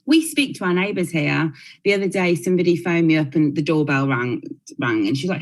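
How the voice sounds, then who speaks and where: Low-voiced Brummie woman, chatty. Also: expressive, a little fast, rough recording. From Birmingham, England. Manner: chatty, many likes and restarts. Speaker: blogger and panel speaker. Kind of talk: prepared panel talk.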